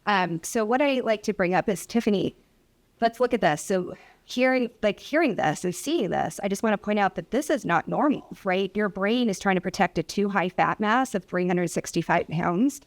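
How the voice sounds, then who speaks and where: Doctor presenting at a public hearing. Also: female voice, mid-range voice, animated, moderate pace. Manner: storytelling with acted patient dialogue. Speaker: obesity specialist physician. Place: hearing room.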